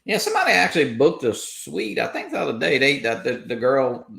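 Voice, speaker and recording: A man's voice: mid-range voice, wildly swooping pitch, a little fast, creaky, a bit bright, roomy sound. A man hosting a casual livestream chat, rambling through announcements with many fillers. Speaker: host.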